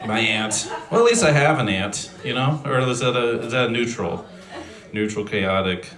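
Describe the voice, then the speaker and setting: A man works a stand-up set with a dry, deadpan, self-deprecating delivery and a middle-pitched voice. He clears his throat between one-liners, speaking into a stage mic that carries an echoey room. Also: moderate pace. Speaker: stand-up comedian. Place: comedy venue stage. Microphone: handheld stage mic on a speaker.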